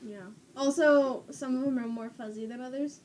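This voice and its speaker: Woman on a podcast, high husky voice, rapid and matter-of-fact. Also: fairly even intonation, darkish tone. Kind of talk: casual chat.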